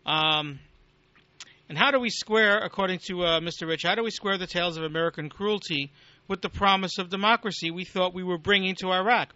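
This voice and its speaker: A man hosting a talk radio show, delivering a blunt, sardonic political rant with casual swearing. His voice is bright and sits a bit high for a man. The recording is dry and close but dull and lo-fi. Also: a little fast, dry recording.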